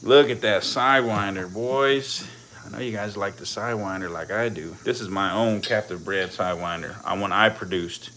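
A man's voice: fairly low pitch, normal speed, bright, forceful tone, slight background noise. A man casually chatting to his live-stream viewers and his snakes while feeding them, in slangy, swearing talk. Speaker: reptile keeper streaming live. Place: indoors by snake enclosures.

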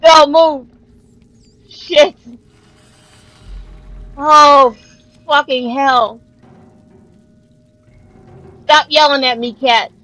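A young woman streaming a horror game, cursing, yelling at the screen and laughing nervously as she plays. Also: high-pitched, steady tone, very slow, pauses often, no room sound, soft background music, poor audio. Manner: laughs nervously between jumps. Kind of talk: live gameplay commentary.

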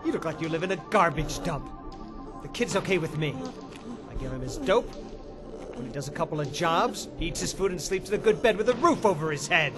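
A man's voice: lively intonation, a little fast, lightly acted. An actor playing a vicious male drug boss who uses children, hurling threats and sneering. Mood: contemptuous. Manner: shouting threats, then low menacing sneer. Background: music score.

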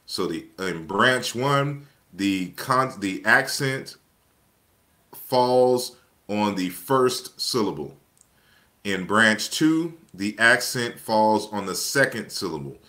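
A man giving an online lecture that walks through slides in a measured, explanatory way, often pausing and restarting his sentences. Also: fairly low pitch, animated, bright, forceful tone. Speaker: lecturer presenting his book.

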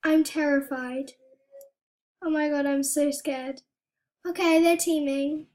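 A young woman giving soft-spoken, anxious commentary as she plays a video game. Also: high-pitched, fairly even intonation, slow. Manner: soft-spoken, often hushed, anxious chatter. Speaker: gaming YouTuber. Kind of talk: casual gameplay commentary.

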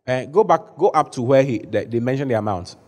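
A man preaching a sermon to a congregation in a large church hall, animated, at times shouting. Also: mid-range voice, brisk. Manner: animated preaching, rising to shouts when acting out the story. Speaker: bishop preaching.

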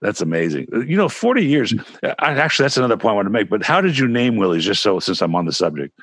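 A man's voice: fairly low pitch, sing-song, fast, fairly bright tone, breathy edge, dry recording. A man hosting an interview, asking rambling, chatty questions. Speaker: host. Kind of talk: casual interview.

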